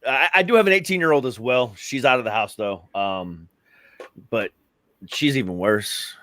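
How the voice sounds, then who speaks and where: A man's voice: medium pitch, normal speed, fairly bright tone, dry recording. A middle-aged man chatting casually on a podcast, rambling, swearing freely and laughing often.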